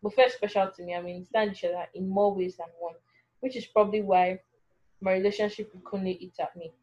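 A woman reads a first-person story aloud, anxious and full of self-questioning, at an ordinary mid pitch. The recording is dull and lo-fi, with muted highs. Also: fairly even intonation, fast talker, darkish tone. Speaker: narrator.

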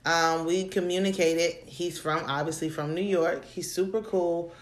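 A woman co-hosting a casual chat about dating, telling stories in an animated way and laughing often. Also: on the low side, measured pace. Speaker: podcast co-host. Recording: echoey room.

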